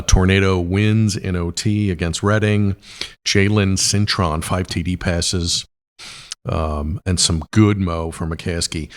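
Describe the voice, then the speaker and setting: A man with a hoarse, raspy voice, hosting a casual sports podcast with quick picks, lots of fillers and exclamations of wow. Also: low voice.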